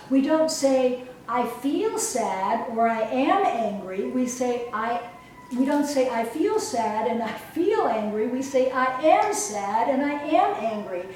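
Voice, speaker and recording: A woman's voice: a little high, darkish tone. Echoey far-off woman coach. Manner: slow, emphatic, soothing instructions. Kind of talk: motivational talk with guided exercise. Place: event hall. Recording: roomy echo from far off, faint noise.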